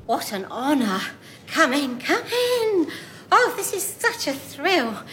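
An actress playing a pious, gossiping older widow, prim and matter-of-fact in a sitcom. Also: female voice, high-pitched, sing-song, takes it slowly, a bit bright, a little hiss or hum, full character voice. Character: prim, gossiping old widow who writes poison-pen letters. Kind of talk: sitcom acting.

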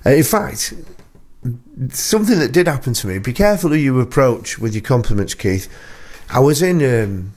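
A male radio presenter who rambles through his anecdotes and pokes fun at himself. His pitch bounces around a lot as he talks, and it sits at an ordinary middle height. The sound is close and clean, from a studio mic. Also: lively intonation, normal speed, a little mellow. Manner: rambling, self-deprecating storyteller. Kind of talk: casual radio chat.

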